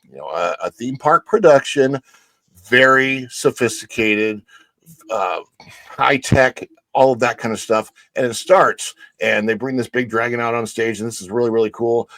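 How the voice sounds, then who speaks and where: A man co-hosting a talk show, telling a story in an animated, enthusiastic way, with his voice jumping higher when he gets excited. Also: normal speed, no echo. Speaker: co-host. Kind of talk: casual storytelling chat.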